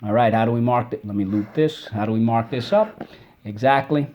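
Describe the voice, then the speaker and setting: A man in the middle pitch range leads a recorded spelling lesson for children. He sounds upbeat and encouraging, praising answers and slowly stretching out each syllable when drilling words. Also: dull audio, a little hiss or hum. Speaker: teacher.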